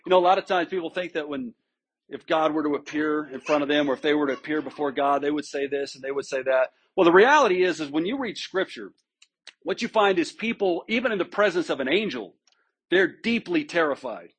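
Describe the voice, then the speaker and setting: A male pastor delivers an expository sermon in a high-pitched, somewhat husky voice. He talks conversationally, stresses key words, and often doubles back on a phrase before finishing it. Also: a little fast. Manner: conversational and emphatic, with frequent restarts and checks with listeners.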